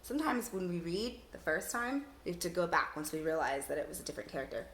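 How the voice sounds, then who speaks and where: A young woman teacher reading a picture book aloud to children, in an animated, playful way. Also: lowish voice, fast, roomy sound, slight background noise.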